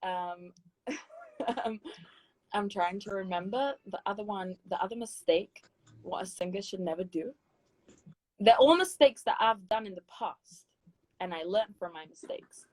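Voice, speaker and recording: A woman's voice: medium pitch, a little slow, pauses often, darkish tone, no echo, rough recording. A woman with a British accent, a guest singer giving emphatic, encouraging advice in a casual chat interview. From Britain.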